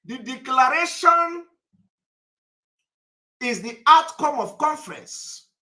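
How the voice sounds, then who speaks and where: A man's voice: very high voice, expressive, slow, sharp tone. A man from Nigeria hosting a live online broadcast, talking straight to viewers in an emphatic, scolding way and repeating his points.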